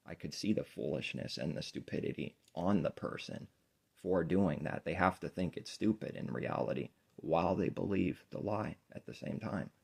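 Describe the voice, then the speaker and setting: A man preaching an informal sermon, rambling and earnest, often trailing off quietly. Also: deep voice, normal speed, gravelly, husky.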